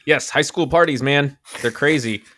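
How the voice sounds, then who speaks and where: A young man co-hosting a podcast tells a story casually at normal speed, animated as he acts out quotes with big pitch jumps. There's slight background noise in the recording.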